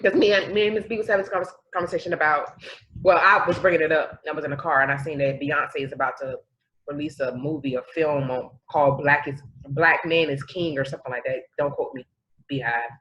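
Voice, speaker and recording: A woman's voice: low-pitched, fast talker, a little hiss or hum. Chatty woman co-host, lo-fi sound. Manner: chatty, animated, trails off and restarts. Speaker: podcast co-host. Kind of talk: casual chat.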